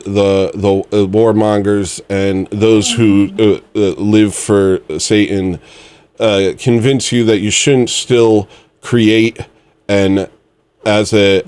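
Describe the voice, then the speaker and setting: Rambling, low-voiced man in his forties. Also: darkish tone, smooth. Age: 40s. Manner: rambling, musing, mock-serious. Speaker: livestream host. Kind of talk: casual livestream chat.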